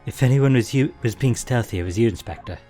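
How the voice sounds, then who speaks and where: A calm, earnest young lawyer, voiced by a man in his own everyday pitch, thoughtful and polite. Faint music plays behind him. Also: fast, close to an everyday voice.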